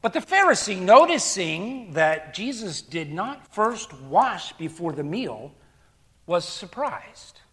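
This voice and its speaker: A man's voice: sits high, big pitch swings, takes it slowly, fairly bright tone. A man preaching a sermon, reading scripture and commenting with emphatic rhetorical questions and repetition.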